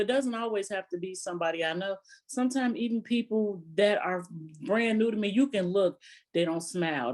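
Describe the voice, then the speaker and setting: A woman physician answering interview questions calmly, telling stories and quoting her patients. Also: lowish voice. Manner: calm, storytelling with quoted patients.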